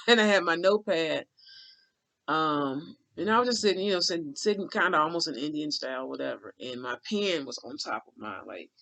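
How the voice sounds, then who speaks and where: A man's slightly high, creaky, somewhat bright voice carries a rambling spiritual story told with real feeling in a casual vlog. As a spiritual channeler, he speaks colloquially, keeps restarting, and drawls asides like "honey" and "child."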